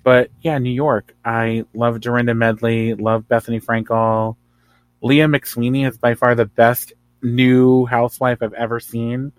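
A man's voice: medium pitch, a little slow, no echo. Opinionated man in dry casual chat. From New Jersey. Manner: opinionated, animated, rambling asides. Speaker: podcast guest.

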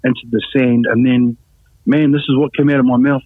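A man's voice: medium pitch, level tone, a little fast, no echo. Male guest, blunt plain storyteller; thin phone-quality audio, no room sound. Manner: blunt, matter-of-fact storytelling. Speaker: interview guest. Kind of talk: personal testimony in an interview. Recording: tinny phone-like sound, dry.

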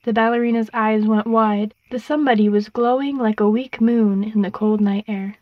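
Woman, storybook narration, expressive, slightly high voice, dry, muffled. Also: moderate pace, dry recording.

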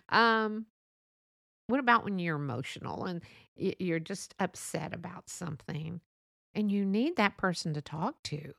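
A woman's voice: medium pitch, creaky, fairly bright tone, dry recording, clean studio sound. A woman vlogger talking casually to camera, chatty and laughing often as she acts out what friends say. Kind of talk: casual monologue.

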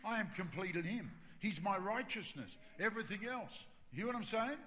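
An older man preaching a sermon as pastor, emphatic and building to shouts in prayer. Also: high voice, animated, fairly quick. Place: large church hall. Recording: long hall reverb with music.

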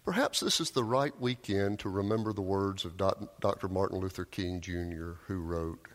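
A man preaching a sermon, telling a story with raised cries and quiet, low emphasis. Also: moderate pace, few pauses. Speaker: pastor. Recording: long hall reverb.

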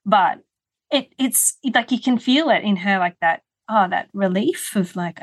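Reflective woman podcast host, mid-pitched. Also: a little slow. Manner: reflective, rambling, frequent restarts. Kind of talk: casual podcast chat.

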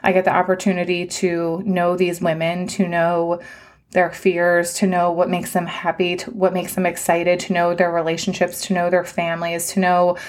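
A woman's voice: lowish voice, completely flat delivery, moderate pace. A woman in her thirties hosting a casual solo podcast, talking in long, gushing, emotional run-on stretches. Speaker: podcast host.

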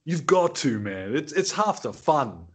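A man's voice: fairly high pitch, sing-song, unhurried. A man being interviewed on a podcast as a game master, chatting in a wry, self-deprecating way. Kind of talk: casual chat.

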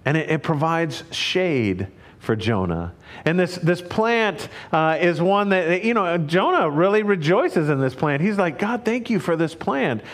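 A man preaching a sermon, retelling a story in a lively way, often repeating words as he goes. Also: a little high, unhurried. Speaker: pastor.

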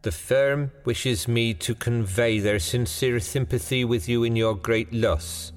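A man voicing a nervous, awkward company messenger in a spoken ghost story, stammering and formal, pitched above his own voice. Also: fairly even intonation, unhurried, close to an everyday voice. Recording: long hall reverb, faint music.

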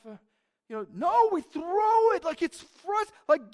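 Pastor, male, very high voice, emphatic casual preaching style. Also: very animated, normal speed. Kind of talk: sermon.

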